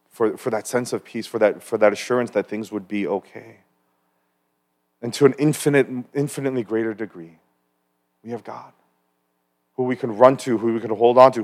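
Conversational male pastor preaching. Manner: conversational, with personal stories and asides; builds to louder, higher emphatic questions. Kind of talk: sermon. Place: church service.

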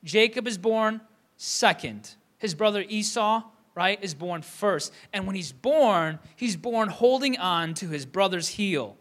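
A man's voice: high-pitched, animated, measured pace, a bit bright. A young man from Michigan preaching a conversational sermon, with many fillers and restarts. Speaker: pastor.

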